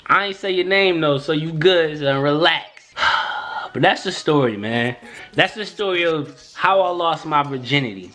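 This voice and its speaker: A man's voice: fairly high pitch, animated, normal speed, bright, forceful tone. A young man casually telling a profane, slangy personal story on his channel. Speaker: YouTuber.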